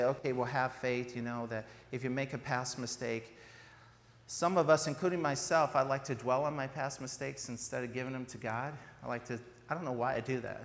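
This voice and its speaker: A man preaching an informal sermon in a church, chatty and joking, with fillers and restarts. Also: mid-range voice. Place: church sanctuary. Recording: reverberant church hall, faint background noise.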